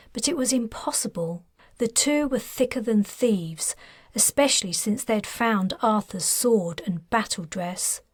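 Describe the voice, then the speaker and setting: A woman, the author, narrating her own science fiction novel in a steady, measured storytelling voice. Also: fairly high pitch, no echo, clean studio sound. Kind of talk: scripted audiobook narration.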